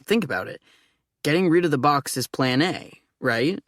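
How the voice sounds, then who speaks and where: A woman's voice: sits low, lively intonation, normal speed, no echo, studio quality. A woman narrating an audiobook in the first person, with an eager, flustered delivery.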